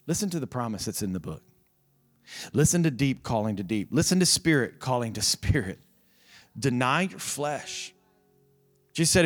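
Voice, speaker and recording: Soft band music plays under a middle-aged pastor's earnest, impassioned sermon at a church service. His mid-range voice is animated and moves at a normal pace, broken by long pauses, and he repeats phrases to drive points home.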